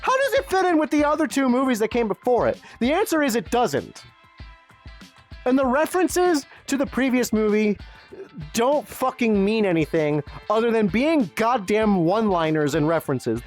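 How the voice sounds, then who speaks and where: A man's voice: extremely high pitch, big pitch swings, normal speed, soft background music. A man giving an angry, profane film review rant, exasperated and sarcastic.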